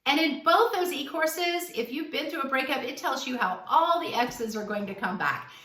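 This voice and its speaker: A woman's voice: high voice, expressive, normal speed, sharp tone, echoey room, recorded from a distance. A woman giving blunt, emphatic dating advice straight to the viewer, acting out bits of dialogue. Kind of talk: direct-to-camera advice talk.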